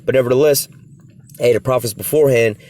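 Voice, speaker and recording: A man's voice: medium pitch, fast, darkish tone. A man preaching informally on scripture, in blunt, casual street talk, often tagging "man" and "whatever, whatnot.". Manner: blunt, swears in passing. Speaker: preacher of a religious group.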